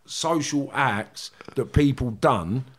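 A man's voice: medium pitch, slow, a bit bright, breathy edge. A middle-aged man with a Cockney accent, bluntly recounting his past in a rambling interview. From London, England. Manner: blunt, rambling, frequent "do you know what I mean". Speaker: guest. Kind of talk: candid interview storytelling.

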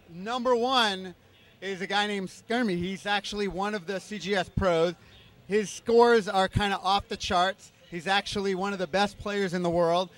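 High-voiced man explaining steadily. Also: a bit bright. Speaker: interview guest. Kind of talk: explaining a product.

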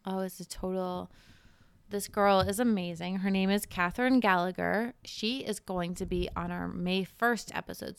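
Young woman podcast co-host, chatty and animated, gravelly edge, dry sound. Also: fairly low pitch, dry recording. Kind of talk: casual chat. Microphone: moves back and forth from the microphone.

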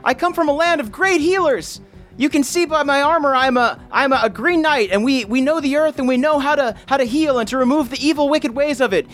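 A man's voice: extremely high pitch, brisk, fairly bright tone, faint music behind, voice pushed up. A man voicing Beverly, an earnest green knight healer, pleading in a solemn way.

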